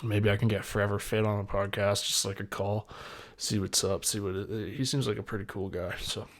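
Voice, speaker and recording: Alone on his own podcast, a young man chats in a relaxed, rambling manner peppered with slang. His voice is lowish with fairly even intonation, and he talks a little fast.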